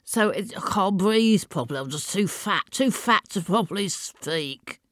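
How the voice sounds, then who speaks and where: A woman's voice: mid-range voice, expressive, close to an everyday voice. A pompous, portly old gent, as a woman puts him on, all wet mouth and lisping sibilance. He wheezes audibly between thick, throaty pronouncements, as if about to run out of breath. The room is dry and close, with no echo. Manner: pontificating, slow and thick-throated. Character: portly pompous older man, wheezy and self-satisfied. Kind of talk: demonstrating a character voice.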